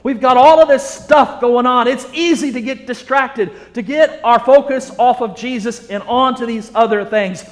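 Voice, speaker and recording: A man with a high voice preaches a sermon, earnest and emphatic, building his points through repetition. His voice rings out with a long reverb that fills a large hall. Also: moderate pace, few pauses.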